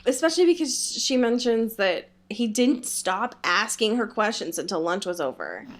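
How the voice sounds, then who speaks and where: A woman's voice: on the high side, normal speed. A woman co-hosting a podcast, chatting casually about a book, giggling often and peppering her talk with "like". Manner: giggly, animated retelling with lots of "like". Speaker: podcast co-host. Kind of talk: casual book-club chat.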